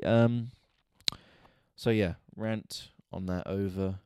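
A man hosting a podcast, telling a story in an exasperated, sweary, animated rant. He is a stand-up comedian talking casually. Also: deep voice, measured pace, clean tone, no room sound. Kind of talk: casual ranting monologue.

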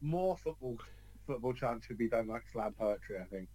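Deadpan male podcast co-host. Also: medium pitch, moderate pace, rough recording. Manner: deadpan, wry jokes. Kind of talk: casual football chat.

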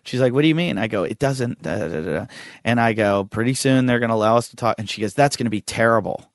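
A man's voice: mid-range voice, fast, gravelly, no echo, clean studio sound. A man, a comedian guest, telling stories in casual chat and acting out the voices of people he quotes. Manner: acts out quoted voices, swears freely. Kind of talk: casual podcast chat, storytelling.

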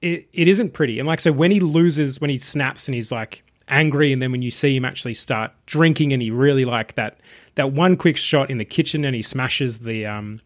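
A man talking over a movie with a friend in an easy, relaxed way. He laughs often and slips into quoted lines as he retells scenes, keeping the tone loose and casual. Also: mid-range voice, moderate pace. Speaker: film podcast co-host. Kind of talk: casual film review chat.

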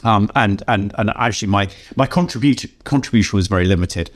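An older English man, a game designer being interviewed, telling anecdotes in a lively way and acting out the voices of people he quotes. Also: fairly low pitch, brisk. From England. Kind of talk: animated storytelling in an interview.

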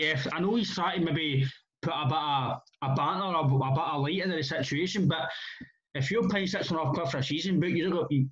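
Blunt Scottish man, muffled audio. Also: on the high side. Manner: blunt, swearing, rambling restarts. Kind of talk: casual football chat.

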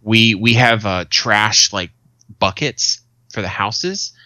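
Male podcast co-host, thirties, swearing storyteller, bright edgy tone, dry close sound. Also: fairly low pitch, takes it slowly, no echo. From Arizona, USA. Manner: swearing, storytelling with acted quotes. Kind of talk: casual chat.

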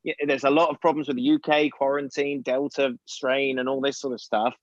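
A man's voice: medium pitch, flat delivery, fairly quick, no echo, lo-fi sound. A man, a podcast guest chatting casually and laughing often as he teases. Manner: laughs often, teasing and easygoing. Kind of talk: casual chat.

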